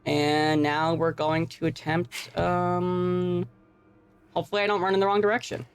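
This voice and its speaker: A woman's voice: on the low side, flat delivery, unhurried, clean tone, faint music behind. A woman streamer giving playful, profane live gameplay commentary, tacking "meow" onto her sentences. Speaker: game streamer.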